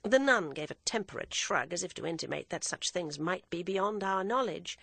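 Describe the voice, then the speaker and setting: Woman audiobook narrator, animated delivery, dry close sound. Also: on the low side, moderate pace, creaky, slightly rough, dry recording. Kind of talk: scripted narration.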